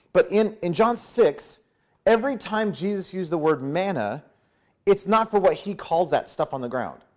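A man delivers a sermon in a high, light voice, lively and conversational. He slips into quick acted-out voices, with a casual "hey" that keeps the teaching informal. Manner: animated, acts out crowd voices with "hey". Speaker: pastor.

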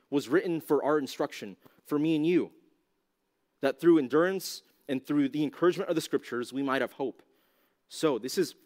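A male youth pastor gives a teaching talk to young listeners. His voice sits at an ordinary middle pitch, and he speaks loosely and conversationally, often saying "like" and tossing out rhetorical questions. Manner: casual, conversational, heavy use of "like"; asks the audience rhetorical questions.

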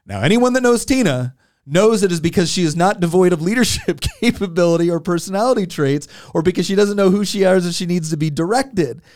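A man's voice: high voice, animated, a little fast, a little mellow, no echo. Earnest man in a dry room. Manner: earnest, repeats words when restarting. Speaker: podcast co-host. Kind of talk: casual storytelling.

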